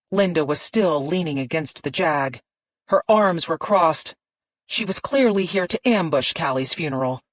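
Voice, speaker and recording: A woman reads an audiobook in a measured, even storytelling style, her voice fairly low in pitch. It's scripted narration with no room sound.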